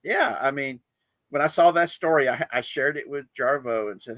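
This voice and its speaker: A man's voice: mid-range voice, normal speed, fairly bright tone, dry recording, poor audio. Rambling man hosting a chat stream. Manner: rambling, many fillers, chuckling. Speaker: livestream host. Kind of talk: casual chat.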